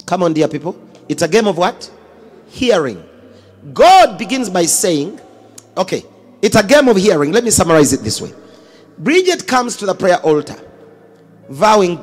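A pastor preaches with a high, lively voice that leaps up and drops low, acting out both sides of a dialogue. Faint music plays under his sermon in a live service. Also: moderate pace, pauses often. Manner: dramatic, swings between booming and hushed, acts out dialogue.

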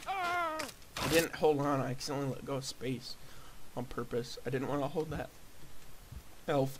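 A young man giving goofy, excitable let's play commentary, often shouting. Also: fairly high pitch, normal speed, long pauses. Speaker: gaming video host.

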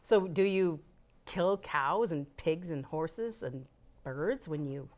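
A woman teacher hosting a children's educational show, asking a puppet guest playful questions in an animated way. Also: low-pitched, takes it slowly. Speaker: teacher and host.

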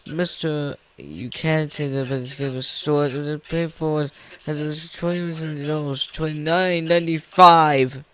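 A man voicing a stern adult store manager in a flat, quiet way. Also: a little high, measured pace.

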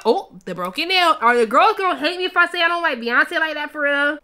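A woman in her twenties reading out a quiz in a casual, playful chat full of slang and quick asides. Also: sits high, animated, bright, forceful tone. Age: 20s. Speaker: YouTuber.

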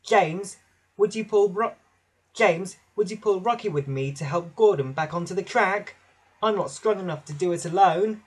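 A man voicing a small, eager male engine who speaks politely and shouts boastfully at times. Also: sits high, normal speed, husky, voice pushed up. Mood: earnest.

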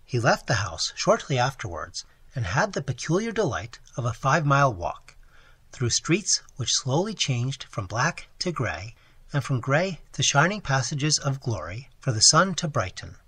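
A hoarse man narrates an audiobook in a measured, expressive way. His voice is bright and husky and moves lively up and down, recorded dry and close with no room sound. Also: medium pitch, no echo. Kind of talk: scripted narration.

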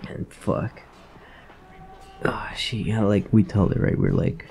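A man's voice: lowish voice, expressive, a little slow, gravelly, long pauses, dark tone. A young man vlogging a rambling, profane storytime rant, full of fillers and asides.

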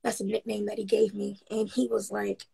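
Gravelly, husky woman. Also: medium pitch, level tone, moderate pace, warm tone, poor audio. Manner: frank, rambling with frequent ums, upbeat. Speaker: guest. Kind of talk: casual interview storytelling.

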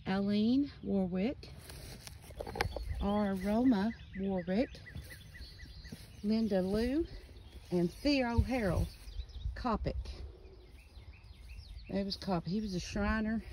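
A woman's voice: medium pitch, extremely slow, pauses often, warm tone, a little hiss or hum, poor audio. A woman walking through a cemetery, reading out names and dates from headstones in casual narration, slightly out of breath. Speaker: cemetery vlogger. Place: outdoor rural cemetery. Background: birds and outdoor ambience.

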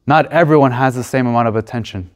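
A man's voice: mid-range voice, fast talker. Earnest young man giving a mock tour. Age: young adult. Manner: conversational and earnest, with restarts and uh fillers. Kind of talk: classroom presentation as a mock tour guide.

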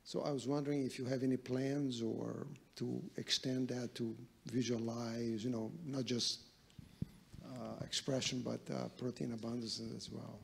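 A man asks a question during a conference Q&A. His voice has plenty of gravelly fry. He pauses often and fills the gaps with "uh" and "you know". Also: medium pitch, little pitch movement, slight background noise. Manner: hesitant, with fillers. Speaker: audience member asking a question. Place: conference hall.

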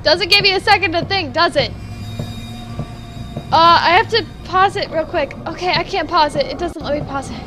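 A woman's voice: extremely high pitch, normal speed, music in the background. A young woman, a gaming YouTuber, commenting on a horror game while playing, jumpy and prone to shrieks and nervous giggles. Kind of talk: horror let's play commentary.

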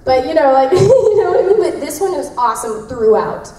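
A woman's voice: sits high, sing-song, brisk, warm tone. A young woman voice actress at a convention panel, answering fan questions in a bubbly, rambling way with lots of fillers and laughter. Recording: echoey convention room, distant, faint noise.

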